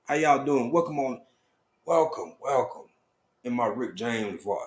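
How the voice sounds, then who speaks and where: On a laid-back live stream, a man with a mid-range voice talks at a normal speed in an easy drawl, calling out viewers by name and breaking into sudden bursts of excitement.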